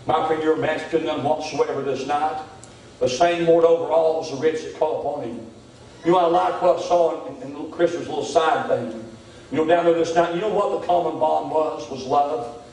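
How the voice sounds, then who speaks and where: A man's voice: a little high, brisk, darkish tone. A man preaching a revival sermon as pastor, repeating "my friend" often, recorded from a distance in a church. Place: church sanctuary. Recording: very echoey church hall, mic far off. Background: congregation amens.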